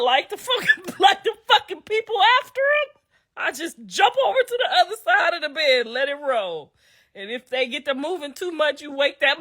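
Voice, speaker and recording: A woman's voice: high-pitched, fairly bright tone. A middle-aged woman talking casually to viewers on a livestream, telling profane stories and laughing through her words. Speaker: livestream host.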